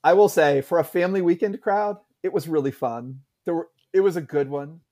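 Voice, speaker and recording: A man with a slightly higher voice, talking casually about college football. He rambles, circles back with "like" and restarts, and laughs along as he goes. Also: a little fast, dark tone. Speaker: podcast co-host. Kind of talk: casual sports chat.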